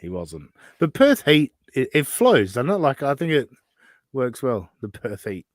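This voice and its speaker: A man's voice: mid-range voice, sing-song, unhurried, dry recording. A man, co-hosting a podcast in casual chat, rambling and laughing often. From Australia. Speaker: podcast co-host. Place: live podcast studio.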